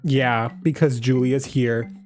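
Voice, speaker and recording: A man talking through a video game in a chatty, gossipy way. He gets excited easily and keeps a running commentary going. His voice sits in a middle pitch. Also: takes it slowly, faint music behind. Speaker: gaming YouTuber. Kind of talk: casual gameplay commentary.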